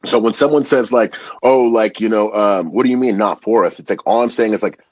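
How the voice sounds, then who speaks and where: A young man with a husky voice talks in a loose, animated way, full of slang and the odd curse. He is a podcast guest chatting about making food videos. The sound is dry and close, with no room around it. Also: lowish voice, brisk, no room sound. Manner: animated, slangy, swears freely. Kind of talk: casual chat.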